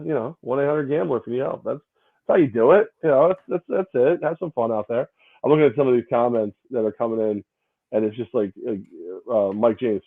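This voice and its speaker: A man co-hosting a casual sports podcast, rambling and repeating his words in a self-mocking way. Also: medium pitch. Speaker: co-host. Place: home, separate location due to snow. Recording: tinny phone-like line.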